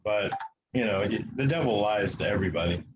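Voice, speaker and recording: A man from the United States, a guest telling a long story in an interview, matter-of-fact and halting with fillers. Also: lowish voice, lo-fi sound, noisy background.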